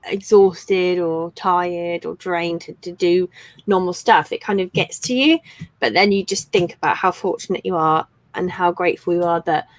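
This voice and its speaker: Speaking at a moderate pace in a fairly low voice, a woman in her thirties chats casually while co-hosting a home live stream, rambling and filling gaps with ums. The audio is low quality but has no echo.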